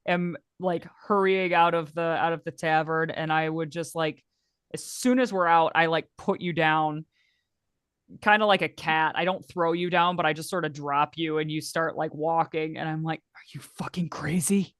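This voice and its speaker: A woman with a fairly low voice narrates her character's actions in a tabletop game. She rambles and laughs often. The recording is close and dry. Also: fairly even intonation, normal speed, a bit bright, smooth, no echo. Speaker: player. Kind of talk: narrating a tabletop role-play.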